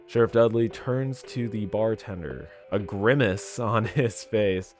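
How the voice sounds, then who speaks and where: Lower-voiced man reading game text. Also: measured pace, hardly any pauses, a little mellow, faint music behind. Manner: reads narration, breaks into laughs and jokes. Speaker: gamer playing a text game.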